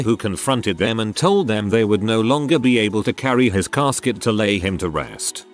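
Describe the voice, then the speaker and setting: Low-voiced man reading stories aloud. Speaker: narrator reading online posts. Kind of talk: scripted narration.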